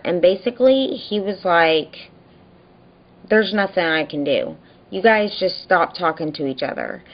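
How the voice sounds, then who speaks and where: Speaking a little slowly in a lowish voice, a young woman recounts her neighbor troubles in a casual vlog, and the highs in the audio are cut off. Worn out and exasperated, she imitates people mockingly as she tells it.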